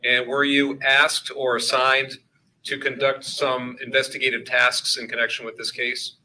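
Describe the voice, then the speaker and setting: A man questioning a witness in court in a measured, formal way. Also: medium pitch, level tone, bright, forceful tone, low-quality recording. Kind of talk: courtroom examination.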